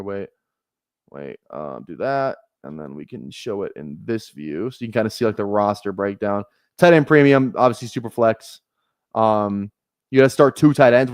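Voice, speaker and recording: A man's voice: medium pitch, a little mellow, no echo. Man streaming fantasy drafts, dry sound. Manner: rambling, thinks aloud, self-correcting. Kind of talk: casual live-stream draft commentary.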